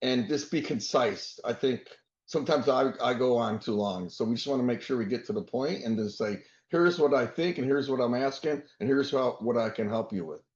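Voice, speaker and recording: A man hosts a roundtable in a loose, joking way. His mid-pitched voice sounds roomy and slightly muffled over a video call. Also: moderate pace, a little mellow. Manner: informal, joking. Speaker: roundtable host. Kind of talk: casual video call discussion.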